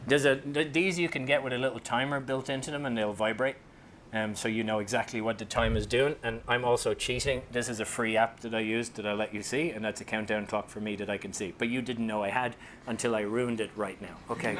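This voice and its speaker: A man with an Irish accent giving a comedic talk to an audience as a speaker and author, animated and joking, slipping into voices for quotes. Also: mid-range voice, fairly quick, a little hiss or hum. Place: company talk room with a live audience.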